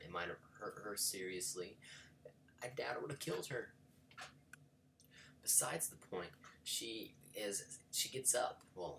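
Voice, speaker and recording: A man telling a rambling story in a casual vlog, full of fillers and sudden whispered asides. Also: low voice. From United States. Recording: voice a bit far from the mic, faint background noise.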